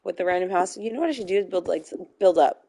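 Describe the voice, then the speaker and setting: A woman's voice: lowish voice, quick pace, vocal fry, dark tone. A young woman chatting casually while playing a game, telling stories with lots of fillers and giggles. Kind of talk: casual chat while gaming.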